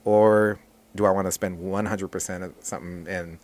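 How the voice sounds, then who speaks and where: A man who teaches jiu-jitsu, talking casually as a podcast guest in a relaxed, rambling way with many restarts. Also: low voice, normal speed.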